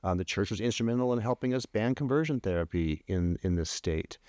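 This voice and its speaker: Man, podcast guest, casual storytelling, low voice, dry close sound, many restarts, animated. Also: brisk, no room sound. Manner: animated, many restarts, jumps higher when quoting himself. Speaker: podcast guest, LGBT advocate.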